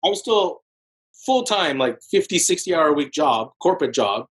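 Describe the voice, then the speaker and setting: A man in his forties speaks as a podcast guest in a loose, animated storytelling manner. His voice sits a little high for a man. He strings his story together with frequent "like" fillers. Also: moderate pace, rough recording. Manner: animated storyteller, heavy use of "like", jumps into higher voices for quotes. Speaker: podcast guest, real estate broker. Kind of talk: casual storytelling interview.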